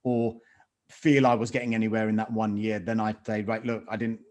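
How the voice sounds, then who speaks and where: A man's voice: on the low side, little pitch movement, fairly quick. A man, a sports reporter on a panel, answering reflectively and trailing off at the ends of his lines. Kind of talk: panel discussion.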